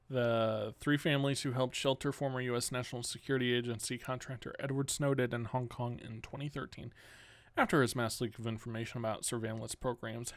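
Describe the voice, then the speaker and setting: A man hosting a solo news commentary podcast, reading news items aloud and cutting in with sarcastic, exasperated remarks that jump up in pitch. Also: no room sound. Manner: reads news items, then rants sarcastically; exasperated outbursts with rising pitch. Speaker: podcast host.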